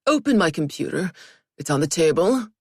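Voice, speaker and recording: A woman's voice: low voice, sing-song, normal speed, a little mellow, husky, no echo, clean studio sound, heavily acted. A woman voicing a vain, self-absorbed male celebrity boss who talks in a commanding, dismissive way. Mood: bossy.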